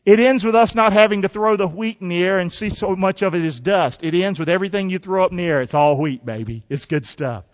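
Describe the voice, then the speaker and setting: A man with a high voice preaches from the pulpit in a lively, folksy style, urging his congregation to answer and repeat lines with him. The recording is dull and lo-fi. A long reverb trails each phrase. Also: fast, few pauses. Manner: energetic, call-and-response preaching with folksy asides. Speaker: pastor. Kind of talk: sermon. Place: church.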